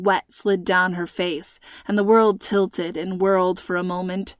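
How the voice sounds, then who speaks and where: A woman narrating a story in an expressive, tense reading. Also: on the low side, a little slow, few pauses, no room sound, studio quality.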